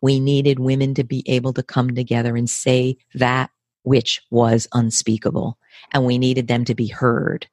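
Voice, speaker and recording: A woman in her fifties with an American accent, speaking as an interview guest in a measured, emphatic way, often repeating words for stress. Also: extremely low pitch, level tone, darkish tone, dry recording, clean studio sound. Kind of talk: earnest conversational interview.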